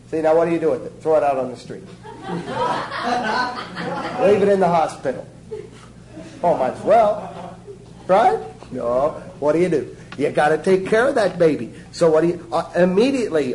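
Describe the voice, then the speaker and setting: A man's voice: high-pitched, mellow, slight background noise, poor audio. A man preaching an informal sermon in a folksy, joking way, often asking his listeners questions. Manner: folksy, jokey, asks the audience questions.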